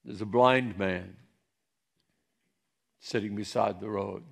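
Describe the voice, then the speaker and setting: Slow, gravelly male pastor preaching. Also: on the low side, steady tone. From central Pennsylvania. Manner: emphatic, swings between soft and loud. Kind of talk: sermon.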